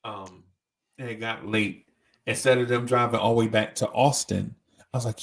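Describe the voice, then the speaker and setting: A man's voice: mid-range voice, fairly even intonation, slow pace, creaky, pauses often, slightly rough. A man hosting a live show, telling a slangy, rambling story with many restarts. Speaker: host. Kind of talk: casual storytelling chat.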